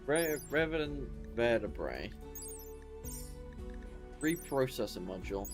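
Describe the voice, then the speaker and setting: A man's voice: medium pitch, very animated, slow pace, over music. Sleepy man streaming a game. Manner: reads menu items aloud, tired and rambling. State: sleepy, yawning. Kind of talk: casual gameplay commentary.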